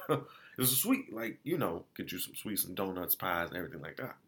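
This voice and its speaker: A man casually reviewing food spots in a vlog, telling it as an animated, slangy story full of restarts and quoted exchanges. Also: deep voice, moderate pace, a little hiss or hum.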